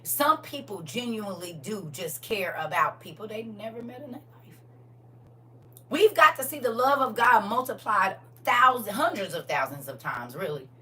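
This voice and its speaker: A woman hosting a casual livestream chat with her viewers, swinging from soft murmurs to loud, excited exclamations. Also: fairly high pitch, normal speed. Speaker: livestream host. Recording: distant mic with faint background hum.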